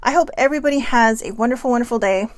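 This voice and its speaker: A woman's voice: fairly high pitch, very fast, no echo. A woman hosting a casual motivational talk to camera, frank and swearing freely, with many asides to her viewers. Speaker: host.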